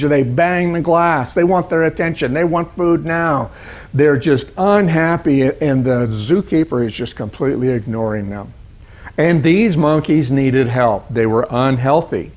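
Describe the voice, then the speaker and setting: A male life coach telling a parable in an animated storytelling manner, piling up lists of words. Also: medium pitch. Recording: dull lo-fi sound.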